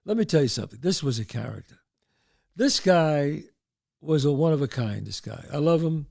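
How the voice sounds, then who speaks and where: A man in his sixties from the Bronx, speaking with a New York accent, hosts a show and tells a story from his past at a normal speed with some vocal fry. His voice is fairly high for a man, rising and falling as he animatedly plays the people involved and shouts their lines.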